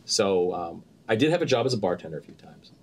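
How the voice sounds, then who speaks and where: Male actor guest, lively storyteller, lowish voice, light background hiss. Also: fast talker. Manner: animated storyteller, acts out quotes with laughter. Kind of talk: casual interview chat.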